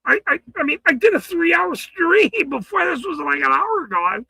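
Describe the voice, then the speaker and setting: An angry man ranting on his livestream, swearing hard, stammering and shouting. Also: very high voice, big pitch swings, brisk, vocal fry, no echo, rough recording. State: furious.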